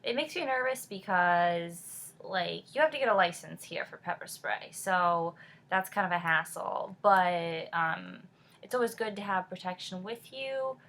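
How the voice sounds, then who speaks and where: Her voice is lowish, creaky and a bit bright, and she talks at a measured pace. This twenty-something vlogger from California, whose accent has a touch of New England, keeps her casual chat full of fillers.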